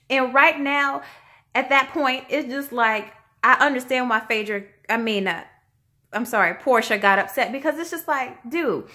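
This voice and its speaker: Bright-voiced woman vlogger, chatty and slangy. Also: high voice, moderate pace. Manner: animated and slangy, acting out quotes in shifting voices. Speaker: vlogger reviewing a reality show. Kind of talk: casual chatty review.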